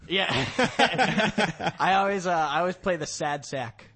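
Laughing, joking man, slightly high voice. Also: takes it slowly, a bit bright, husky. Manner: laughs often, loose and joking. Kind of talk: casual banter.

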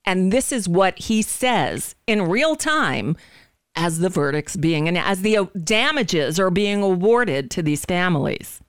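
A woman's voice: lowish voice, expressive, unhurried, clear, resonant tone, no room sound. A woman hosting a livestreamed political talk show on a studio microphone. She speaks bluntly and indignantly, swears freely and often restarts her sentences.

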